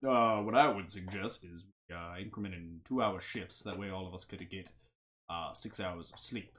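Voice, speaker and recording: A woman's voice: very deep voice, moderate pace, noisy background. A woman running a tabletop game as game master, narrating casually and hesitantly. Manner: hesitant, many ums and uhs.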